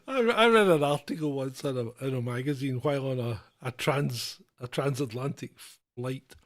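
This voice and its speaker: A man's voice: medium pitch, moderate pace. A man co-hosting a comedy podcast in casual chat, rambling through stories and often laughing mid-sentence. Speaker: podcast co-host.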